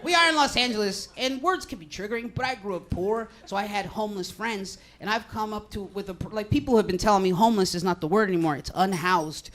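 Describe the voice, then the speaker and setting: A young man doing a rambling stand-up set in a comedy club, deadpan and crude, high on edibles. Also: fast talker, hardly any pauses.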